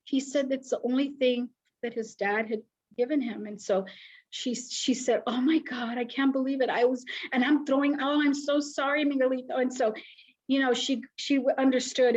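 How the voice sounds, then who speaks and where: Her mid-range voice comes through with the highs cut off as this middle-aged woman, a social worker who founded a foster agency, recounts stories during an interview. She's an animated storyteller who acts out the voices of people she quotes.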